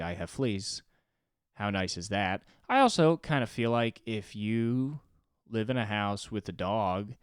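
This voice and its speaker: A young man with a very low, smooth voice hosts his own comedy podcast alone. He rambles and swears, jumping from loud outbursts to low mumbles, and the recording is close and dry. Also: dry recording. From Los Angeles. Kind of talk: solo podcast monologue.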